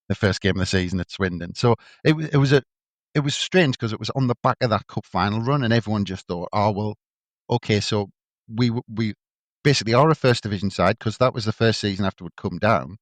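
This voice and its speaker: Lower-voiced man, chatty. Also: dry recording. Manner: chatty, teasing, quick to laugh. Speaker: podcast co-host. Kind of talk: casual chat.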